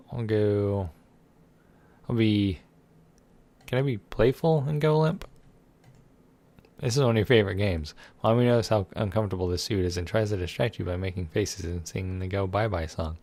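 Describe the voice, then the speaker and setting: A man's voice: lowish voice, fairly even intonation, moderate pace, darkish tone. A man reading a text game aloud and adding sarcastic, irreverent commentary, swearing freely. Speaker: let's play gamer.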